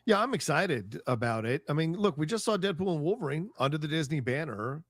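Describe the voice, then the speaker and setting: A man's voice: fairly high pitch, expressive, a little fast, no echo. A man co-hosting a casual chat show, speaking in an easygoing, agreeable, chatty way. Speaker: co-host.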